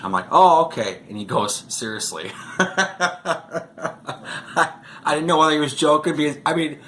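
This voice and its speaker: Bright-voiced man telling rambling stories. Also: mid-range voice, slight background noise. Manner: rambling, chuckling, peppered with "you know". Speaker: vlogger. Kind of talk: casual storytelling to camera.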